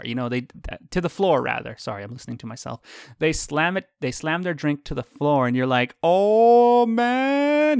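A man's voice: mid-range voice, no echo, clean studio sound. A man hosting a podcast from his home office, rambling and chatty and often correcting himself. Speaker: podcast host. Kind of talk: casual monologue.

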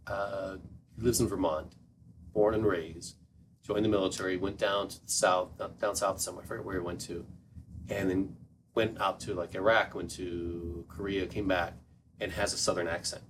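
Deep-voiced man co-hosting a podcast. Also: steady tone, moderate pace, distant mic. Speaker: podcast co-host. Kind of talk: casual podcast chat. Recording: noisy podcast recording.

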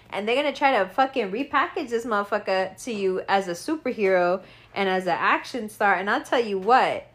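A woman ranting in casual talk, animated and profane. She breaks into laughter and mocks people with quick impressions. Her pitch sits in the middle range. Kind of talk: casual rant about actors.

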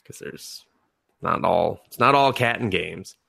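A man co-hosting a podcast talks in loose, rambling chat, laughing and swearing freely. His voice sits very low with a gravelly fry, yet the tone is bright and forceful. The sound is dry and close, with no room around it. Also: animated, normal speed, dry recording. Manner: rambling, laughing, profane, mimics people mid-story. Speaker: podcast co-host. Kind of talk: casual chat.

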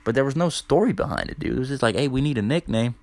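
A man's voice: medium pitch, expressive, quick pace, darkish tone. A young man hosting a podcast, telling a loose, profane story in casual talk, full of "dude" and "like". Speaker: podcast host.

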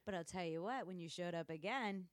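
A woman's voice: on the low side, fairly quick, no echo, studio quality. A woman hosting a podcast, adding short encouraging remarks to her guest's story. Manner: brief encouraging interjections. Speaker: podcast host. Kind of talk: casual chat.

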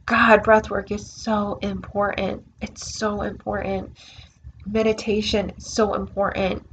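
A woman's voice: mid-range voice, little pitch movement, slow pace, a bit bright, lo-fi sound, slight background noise. A woman hosting her own podcast, talking earnestly in a reflective, spiritual self-help monologue and repeating words for emphasis. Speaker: podcast host.

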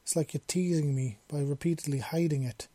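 A man reading a story voices a shy young human man who stammers softly and nervously. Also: a little high, steady tone, fairly quick, no echo, natural voice. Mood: flustered.

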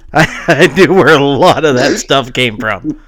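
A man's voice: medium pitch, animated, unhurried, a bit bright, dry recording, studio quality. A man co-hosting a casual podcast chat, laid-back and chuckling as he agrees along. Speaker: podcast co-host.

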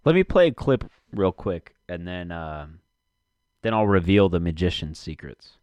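A man's voice: deep voice, big pitch swings, unhurried, darkish tone, smooth, no room sound. A man rambling casually to himself and his audience from his basement, cursing often and muttering while he searches for something.

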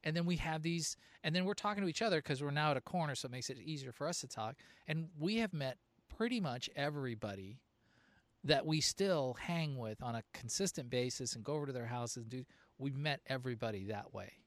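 Middle-aged man host, chatty storyteller, close dry sound, mid pitch. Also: lively intonation, fairly quick, no room sound. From Southern California. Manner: chatty storyteller, laughs often. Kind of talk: casual chat.

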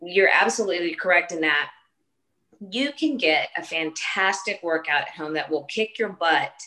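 A woman in her late forties talks through a casual interview. Her voice is on the low side but bright and forceful. She speaks earnestly in short bursts, circling back with fillers and restarts. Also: expressive, moderate pace, rough recording. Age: 40s. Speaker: fitness trainer and competitor.

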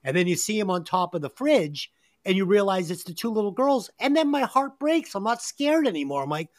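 A woman hosts a loose movie review podcast. Her pitch swings widely as she talks, and she swears freely and hammers her points home with emphasis. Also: a little fast. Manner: animated, profane, emphatic. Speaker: podcast host. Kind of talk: casual movie review chat.

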